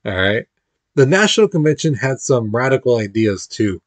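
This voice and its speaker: Casual male history teacher, mid-pitched, chatty lecture style with playful acted quotes, dry close recording. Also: very animated, normal speed, no room sound. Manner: informal, chatty, acts out quotes with playful voices.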